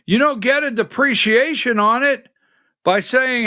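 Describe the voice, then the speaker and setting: A man's voice: very high voice, measured pace, pushed and bright, dry recording, studio quality. A man hosting a live political talk show, speaking conversationally and firing off rhetorical questions at his listeners.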